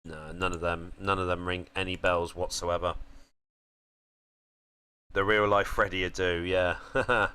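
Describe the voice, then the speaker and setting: Deep-voiced man commenting on gameplay. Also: measured pace, long pauses, smooth. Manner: chatty, thinks aloud, sudden excited outbursts. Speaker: gaming channel host.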